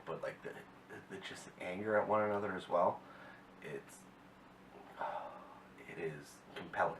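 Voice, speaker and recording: A man's voice: low voice, distant mic. A man casually recapping a TV episode, rambling and often correcting himself. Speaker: TV episode reviewer. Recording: echoey room, mic set back, faint hiss.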